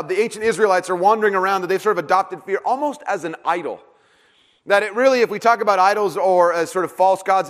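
Casual pastor with a higher voice in a reverberant hall. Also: male voice. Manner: casual, joking, many fillers and restarts. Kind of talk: sermon. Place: church hall.

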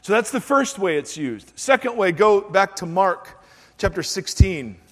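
A man's voice: sits high, expressive, measured pace, a bit bright, big-room sound. A male pastor giving a sermon to his congregation, breaking in with playful joking asides. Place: church sanctuary.

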